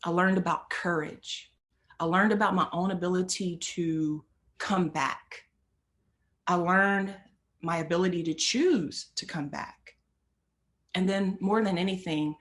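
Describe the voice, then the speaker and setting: A woman's voice: fairly low pitch, unhurried, a bit bright. A middle-aged woman telling a personal story as a motivational speaker, earnest and emphatic, often repeating phrases for weight.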